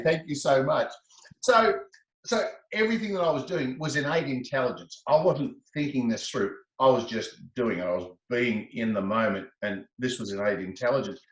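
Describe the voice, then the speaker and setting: A middle-aged man, a guest telling his story in a casual interview, animated and quick to laugh. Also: medium pitch, reverberant, low-quality recording. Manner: animated, breaks into laughter, repeats words.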